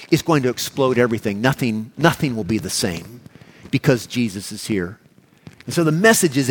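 A man with a medium-pitched voice preaches a sermon, working through a passage verse by verse. His delivery is emphatic and explanatory, and he poses rhetorical questions to the congregation.

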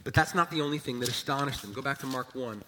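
A man preaching a sermon as a pastor, emphatic, swelling loud and then dropping low. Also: quick pace, slight background noise. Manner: emphatic preaching, rising and falling in volume. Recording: long church hall reverb.

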